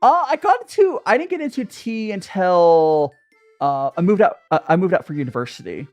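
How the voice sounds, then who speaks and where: Over a cup of tea, a young adult streamer makes casual, rambling conversation and welcomes viewers by name. The medium-pitched voice has a sing-song lilt at a moderate pace, with faint music behind it.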